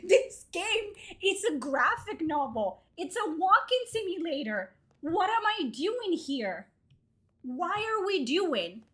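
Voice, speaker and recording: Animated high-voiced woman streamer. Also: measured pace. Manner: exasperated, swears a lot, switches into Spanish. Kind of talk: casual gaming livestream commentary.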